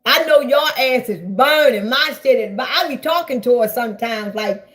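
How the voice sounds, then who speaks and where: High-voiced woman ranting profanely on a live stream. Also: animated, normal speed. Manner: loud, profane, rambling, talks straight to viewers. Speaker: livestreamer. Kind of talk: casual live-stream rant.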